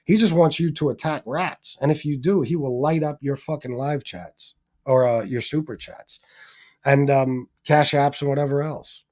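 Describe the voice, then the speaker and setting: A man hosting a live stream in loose, unscripted commentary. He swears freely and circles back with plenty of fillers and restarts. His voice sits in a middling register and pushes up and gets more forceful when he gets worked up. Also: medium pitch, moderate pace. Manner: profane, rambling, lots of fillers and restarts; turns heated and emphatic when ranting. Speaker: livestream host reading viewer donations.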